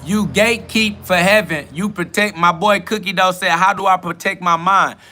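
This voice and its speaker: A man with a high, ringing voice delivers an off-the-cuff sermon in street slang. He preaches emphatically and profanely, circling back on the same phrases. He speaks outdoors by a road. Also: steady tone, moderate pace, bright, forceful tone, slight background noise. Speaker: self-styled spiritual podcast host. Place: outdoors beside a road with passing cars.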